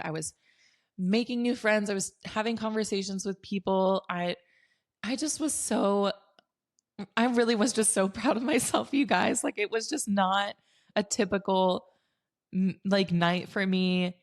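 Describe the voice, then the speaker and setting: A young adult woman hosting a podcast, telling a story in a casual, excitable way, full of "like" and quoted asides. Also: mid-range voice, unhurried. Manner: excitable, heavy use of "like", animated quoting. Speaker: podcast host.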